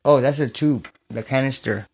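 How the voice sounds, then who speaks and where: A man hosting a casual podcast into a phone in a bedroom, rambling and joking with sudden shouts. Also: medium pitch, moderate pace, husky. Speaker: podcast host. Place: a bedroom at home.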